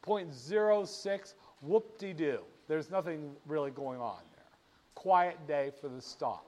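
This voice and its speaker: A man teaching about stock charts in an animated, playful way, often asking the viewer rhetorical questions. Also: on the high side, unhurried. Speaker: finance instructor. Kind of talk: screen-share lesson on market charts.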